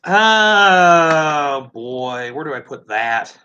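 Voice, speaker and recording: A man's voice: fairly high pitch, very animated, very slow, sharp tone, dull audio. A man with a Midwestern American accent hosting a casual live tasting, chatty and musing aloud as he goes. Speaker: host.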